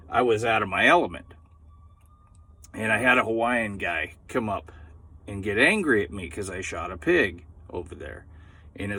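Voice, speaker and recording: A middle-aged man performs a stand-up comedy set, his voice bright and forceful. He rambles through self-deprecating stories, padding them with fillers and asides. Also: mid-range voice.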